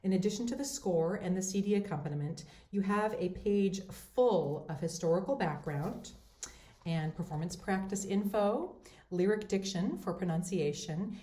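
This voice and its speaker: A woman teaching singing, with a fairly low speaking voice. She explains each point clearly and methodically, and her voice rings in a roomy space. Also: warm tone. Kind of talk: instructional voice lesson. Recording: roomy echo.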